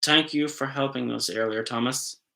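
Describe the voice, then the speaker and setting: A man voicing a gentle, soft-spoken mother in a storybook read-aloud. The tone is bright but tender and quiet. It is read plainly with no real character voice. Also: mid-range voice, steady tone, normal speed, vocal fry.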